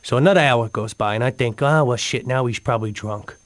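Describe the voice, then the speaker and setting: A man's voice: mid-range voice, fairly quick. A man co-hosting a comedy radio show, telling rambling stories with sudden emotional swings. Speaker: radio co-host. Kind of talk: comic radio storytelling.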